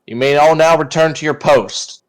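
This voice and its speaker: A man playing a commanding male leader, giving loud, clipped orders to a squad of guards in a tabletop game. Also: a little high, moderate pace, pitched above the performer's own voice, close to an everyday voice.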